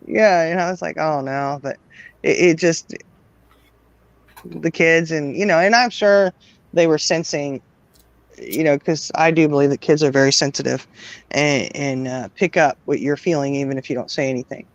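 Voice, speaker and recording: A woman's voice: sits low, normal speed, no room sound. Rambling, laughing woman on muffled audio. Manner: rambling, full of "you know", laughs often. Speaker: guest parent of twelve children. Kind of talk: casual conversational interview.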